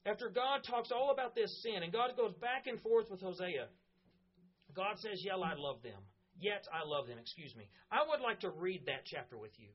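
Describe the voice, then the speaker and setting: A woman pastor preaching a sermon in an earnest, conversational way, reading scripture aloud and correcting herself as she goes. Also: medium pitch. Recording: dull lo-fi sound.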